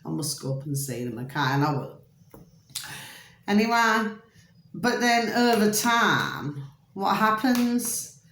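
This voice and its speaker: A woman's voice: mid-range voice, very animated, takes it slowly, long pauses, fairly bright tone, roomy sound. A woman vlogging to camera in a chatty, meandering monologue that keeps drifting off track. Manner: chatty, meandering, easily distracted; calls viewers "my delicious little babies".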